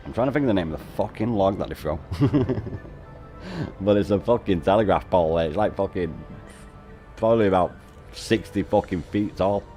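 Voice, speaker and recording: A man's voice: low voice, moderate pace, mellow, soft background music. A man, chatting casually on a game stream, swearing constantly and laughing often as he banters with his viewers. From North West England.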